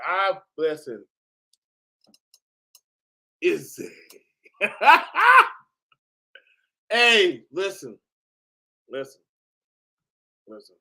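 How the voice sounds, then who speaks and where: A man hosting a reaction video, talking in an animated, exclaiming way and laughing often. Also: high voice, extremely slow, long pauses. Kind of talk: reaction commentary.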